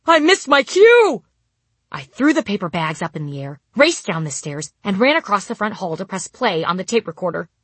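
A woman reads her own memoir aloud, landing wry punchlines with dry timing. Her voice sits fairly low and a little breathy. The recording is close and dry, with no room sound. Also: expressive, fairly quick, few pauses, no echo. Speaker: narrator. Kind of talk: first-person memoir storytelling.

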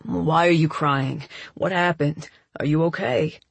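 A woman voicing a gentle young man who speaks softly and haltingly, full of quiet guilt. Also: creaky, slightly rough, no echo, full character voice. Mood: worried. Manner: soft, halting, low-key.

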